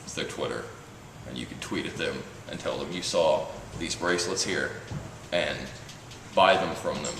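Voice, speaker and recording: A man hosting a casual comedy chat show, tossing in wisecracks and deadpan jabs. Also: a bass voice, moderate pace, creaky. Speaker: host. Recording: roomy, distant mic, audible hiss.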